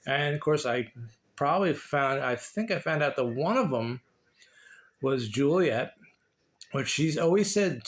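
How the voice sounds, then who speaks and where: Guy rambling on his vlog, kinda high voice, repeats himself a lot, starts over mid sentence. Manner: rambling, repeats words, many restarts. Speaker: vlogger. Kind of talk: casual chat and reading aloud.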